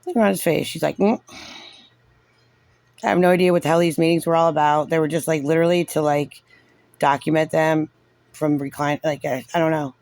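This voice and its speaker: Gravelly man's sarcastic reaction commentary. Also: a little high, steady tone, fast, darkish tone, dry recording. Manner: sarcastic, frustrated, says "like" constantly. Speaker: parent reviewing a recorded meeting.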